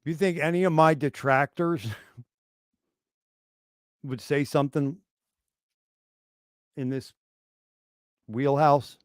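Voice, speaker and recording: A man with a high voice hosts a casual livestream. He talks in a profane, animated way, with unhurried pacing, and acts out mocking voices of other people. The sound is dry and close, with little room around it. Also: no room sound. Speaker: podcast host.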